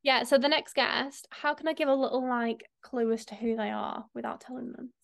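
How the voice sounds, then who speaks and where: A woman's voice: a little high, normal speed, gravelly. A young woman hosting a casual podcast, chatting in a rambling way with lots of fillers. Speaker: podcast host.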